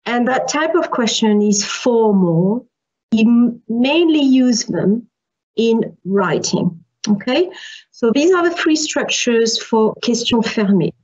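A woman's voice: fairly high pitch, expressive, takes it slowly, darkish tone, slightly rough, lo-fi sound. A female university lecturer giving an online French lesson, explaining patiently with examples and repeating key points.

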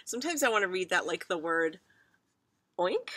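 Lively, breathy woman teacher reading aloud. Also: on the low side, a little fast, no echo. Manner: warm chatty asides to children.

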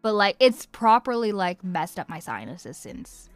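A woman's voice: medium pitch, big pitch swings, a little slow, no echo. A woman with an Irish accent, a voice actress chatting casually and giggling on a livestream while signing autographs at home. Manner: chatty and giggly, muses aloud while writing. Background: faint background music.

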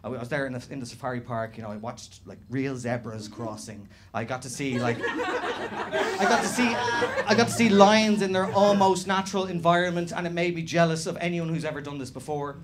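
A young Irish man doing a stand-up comedy set, animated and swearing, with shouted impressions. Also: fairly high pitch, fairly quick, heavy background noise. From Ireland. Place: small comedy venue with live audience. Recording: live club recording with laughing crowd. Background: audience laughter.

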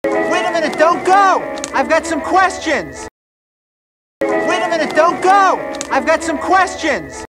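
An actor delivering urgent film dialogue, calling out. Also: male voice, very high-pitched, expressive, slow, heavily acted. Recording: film clip with music.

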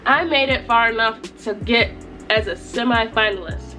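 A woman's voice: a little high, moderate pace, soft background music. A young woman from New York state talking straight to camera, emphatic and repetitive, crying happy tears. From Utica, New York. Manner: emphatic, repeats herself, tearful excitement. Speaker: YouTuber. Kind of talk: casual vlog chat. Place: at home in front of a mirror.

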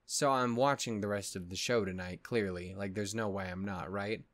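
A man's voice: lowish voice, fairly even intonation, moderate pace, no echo. A man hosting an anime reaction video, tired and upset, rambling and swearing with lots of restarts. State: tired, yawning. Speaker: anime reaction channel host. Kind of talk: casual reaction vlog chat.

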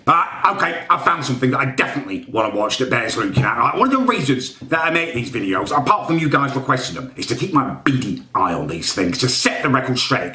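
A man's voice: medium pitch, bright, forceful tone, echoey room, far from the mic. A man giving rambling, defensive reaction commentary, sounding exasperated. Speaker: YouTuber reacting to a parody edit of his own videos.

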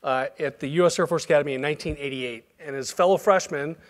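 A man in his fifties with a Southern US accent, introducing the closing speaker in a relaxed, folksy way. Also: a little high, fast talker. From Alabama, US. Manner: relaxed, folksy, frequent fillers. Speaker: event host introducing a speaker.

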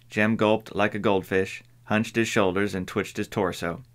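Low-voiced man narrating an audiobook. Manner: measured, even storytelling. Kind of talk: scripted narration.

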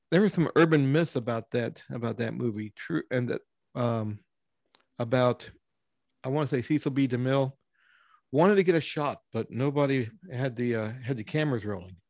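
A man's voice: mid-range voice, a little mellow, no room sound. Man hosting an interview, dry sound. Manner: friendly, laughs along, prompts with recollections. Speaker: interview host. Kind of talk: conversational interview.

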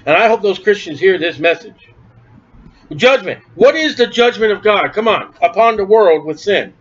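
A male preacher delivers a forceful, emphatic sermon. His voice sits high for a man. The recording sounds dull and lo-fi. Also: expressive, moderate pace.

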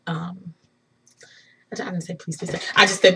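A young woman telling an excited personal story for her vlog, laughing and swinging from hushed tones to shrieks. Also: on the low side, unhurried, pauses often, slight background noise. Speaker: vlogger.

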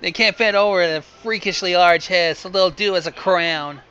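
A man's voice: high voice, normal speed, pushed and bright, clear, resonant tone, dull audio. A man hosting a riff on a film, in casual, profane and sardonic commentary. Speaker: host riffing on a film.

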